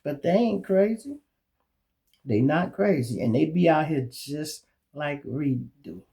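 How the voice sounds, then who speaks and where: A middle-aged man with a Chicago accent hosting his own show, telling animated, streetwise stories in a casual monologue full of profanity. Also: fairly high pitch, takes it slowly. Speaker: show host.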